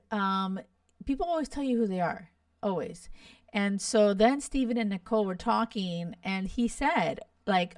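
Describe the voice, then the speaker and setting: A young woman hosting a podcast, chatting in an animated, gossipy and blunt way with lots of swearing. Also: mid-range voice, no echo, clean studio sound, recorded from a distance. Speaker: podcast host. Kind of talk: casual chat reacting to a reality show.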